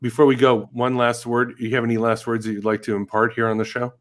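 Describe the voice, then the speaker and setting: A man's voice: medium pitch, level tone, fast. A man hosting a podcast interview, musing in an encouraging, reflective way. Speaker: podcast host. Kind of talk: casual interview chat.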